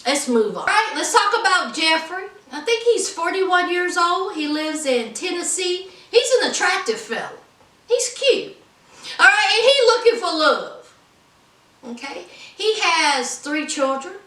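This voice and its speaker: A woman's voice: very high-pitched, sing-song, unhurried, bright, forceful tone. A woman hosting a podcast, giving a sassy, chatty recap of a reality show and talking straight to her listeners. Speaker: podcast host. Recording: roomy, distant from mic.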